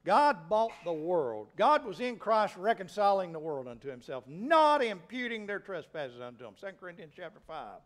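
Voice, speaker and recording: A middle-aged preacher man with a high, strongly swinging voice. He delivers a folksy sermon, his voice lifting to emphatic peaks. His talk is down-to-earth and full of expression. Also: sing-song, a little fast, hardly any pauses, a bit bright. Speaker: pastor.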